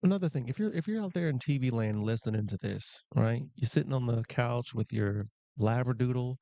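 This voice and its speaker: A man calls a pool match live, chatty and joking with viewers between shots. His voice is mellow and warm. The sound is dry and close to the mic. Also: mid-range voice, brisk, creaky, dry recording. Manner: playful, chatty, jokey asides to chat. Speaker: pool commentator. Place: pool hall commentary booth.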